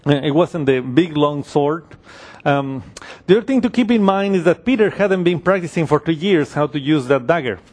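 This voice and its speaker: A man with a slightly high voice teaching from the Bible in an unhurried way. He pauses often with fillers and restarts his sentences as he works through the passage. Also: a little mellow. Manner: unhurried, with frequent fillers and restarts while explaining scripture. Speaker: preacher.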